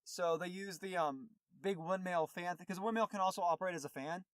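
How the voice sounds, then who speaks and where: A man's voice: high-pitched, a little fast, no room sound, studio quality. A man co-hosting a podcast, recapping a movie in a rambling, casual way with many fillers and restarts. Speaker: podcast co-host.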